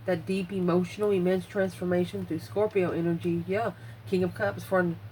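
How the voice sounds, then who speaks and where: A woman's voice: on the low side, level tone, moderate pace, dark tone, a little hiss or hum, low-quality recording. A woman giving a casual tarot reading, blunt and swearing freely, out of breath as she muses over the cards. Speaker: tarot reader.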